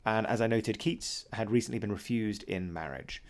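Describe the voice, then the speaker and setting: A male teacher talks through a poem line by line in a deep, low voice. His tone has a gravelly edge. He pauses often with ums and uhs as he explains. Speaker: English teacher. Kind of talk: recorded poetry lesson.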